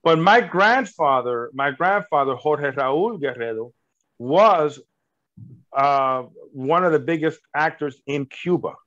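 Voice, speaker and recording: Earnest rambling man, slightly high voice. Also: expressive, slow, a bit bright. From United States. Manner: earnest, rambling with many fillers and restarts, laughs at himself. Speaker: filmmaker and actor. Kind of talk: casual interview. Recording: dull lo-fi audio.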